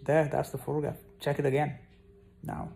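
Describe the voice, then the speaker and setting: Young male vlogger, gravelly and relaxed, scattered and self-deprecating, talking straight to viewers, tired. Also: fairly high pitch, moderate pace. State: yawning, tired. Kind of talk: casual rambling vlog to camera.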